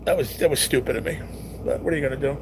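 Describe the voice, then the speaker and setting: A young man with a mid-range voice and some vocal fry races through his words, with slight background noise. Hosting a casual live stream from home, he reads viewer comments and teases in a laid-back way, swearing plenty.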